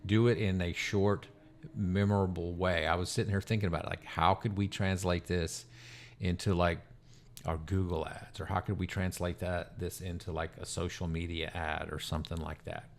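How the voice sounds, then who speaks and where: A man's voice: low-pitched, level tone, normal speed, a little hiss or hum. A man co-hosting a podcast, a lawyer talking in casual conversation with frequent fillers. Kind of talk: casual professional chat.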